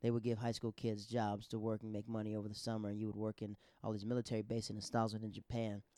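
Animated man telling stories on a podcast. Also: on the low side, quick pace, dry recording, studio quality. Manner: animated, slangy, acts out the quotes. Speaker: podcast host. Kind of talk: casual storytelling.

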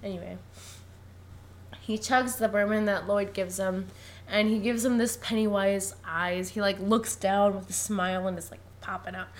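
A young woman co-hosting a podcast speaks in a mid-range voice at a moderate pace. Recapping a film casually, she's animated, laughs frequently, and acts out the characters' lines.

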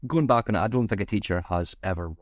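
Male co-host, lower register, dry studio mic, laughs a lot while telling tales. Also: quick pace, no room sound. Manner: swearing, laughing anecdote teller. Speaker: podcast co-host. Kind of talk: casual storytelling chat.

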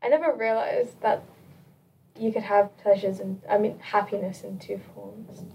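A woman's voice: mid-range voice, steady tone, normal speed, a little mellow, a little hiss or hum, poor audio. A young woman student in casual group chat, reacting and laughing often. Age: young adult.

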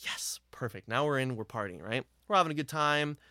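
A man's voice: mid-range voice, lively intonation, a little fast, pushed and bright, no echo, clean studio sound. A man casually telling a rambling road story from touring with his band, swearing freely.

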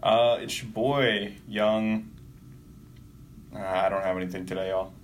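A man from Arkansas with a low voice co-hosts a casual sports podcast. He talks in a playful, wisecracking way full of slang. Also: steady tone, a little slow, slight background noise. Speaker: podcast co-host.

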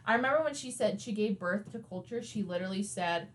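A woman's voice: mid-range voice, expressive, fast. A woman co-hosting a podcast in casual chat, rambling through stories and laughing a lot. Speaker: podcast co-host.

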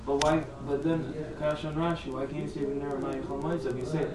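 A man's voice: a little high, flat delivery, fairly quick, few pauses. A man in a study class who asks questions and stops and restarts as he thinks. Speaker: student. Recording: echoey, from far off the mic, crowd behind.

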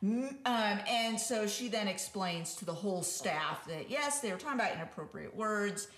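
A woman's voice: mid-range voice, animated, normal speed, a bit bright. A woman in her forties co-hosting a podcast, chatting casually and telling candid stories with laughs. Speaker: podcast co-host. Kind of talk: casual chat. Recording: roomy echo.

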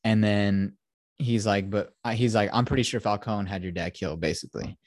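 A man's voice: lowish voice, fairly even intonation, a little fast, a little mellow, dry recording, studio quality. A man hosting a podcast, recapping a film in a casual, profane, rambling way and quoting the characters. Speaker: podcast host.

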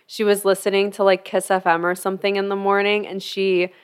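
A woman's voice: mid-range voice, little pitch movement, a little fast, clear, resonant tone. A young woman co-hosting a podcast in casual chat, answering often with "yeah" and leaning on "like". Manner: conversational, lots of "yeah" and "like". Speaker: podcast co-host.

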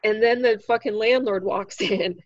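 A woman who is a standup comic, telling a story in casual chat, animated and swearing freely. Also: on the high side, moderate pace, dry recording, lo-fi sound. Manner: animated, acts out quoted voices, swears freely.

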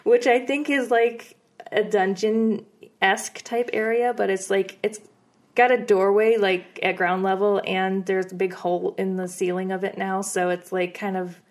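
A woman's voice: medium pitch, unhurried. Casual woman telling ghost stories. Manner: relaxed, rambling with fillers and laughs. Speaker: podcast co-host. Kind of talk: casual storytelling chat.

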